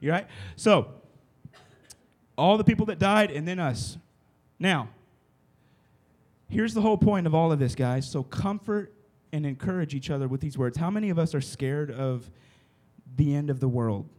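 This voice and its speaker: A man's voice: a little high, moderate pace, a little mellow. A man preaching a casual sermon to a room of listeners, often stopping to check that they follow along. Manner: conversational, keeps checking in with the listeners. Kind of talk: casual sermon to a youth group. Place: room with a live audience.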